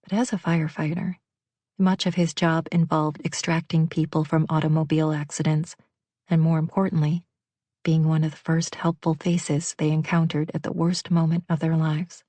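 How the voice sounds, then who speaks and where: A woman narrating a romance audiobook in an even, measured storytelling manner on a close studio mic. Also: low voice, no room sound.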